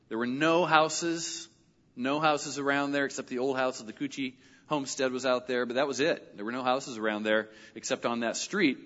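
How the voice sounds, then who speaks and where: A middle-aged male pastor telling a personal story in a sermon, animated and lively when he quotes other people. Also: on the high side. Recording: dull audio with long hall reverb.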